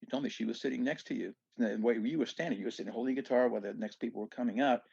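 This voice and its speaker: Man, from southeast Louisiana, podcast guest, gravelly voice, animated rambling storyteller, muffled lo-fi sound. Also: medium pitch, very fast, no room sound. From southeast Louisiana, USA. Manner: animated storyteller, many restarts and asides. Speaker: guest musician. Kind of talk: storytelling in a casual podcast chat.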